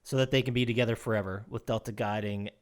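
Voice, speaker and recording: A man co-hosting a podcast, retelling a video game story in casual chat, animated and quick to laugh, with restarts. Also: on the low side. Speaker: podcast co-host.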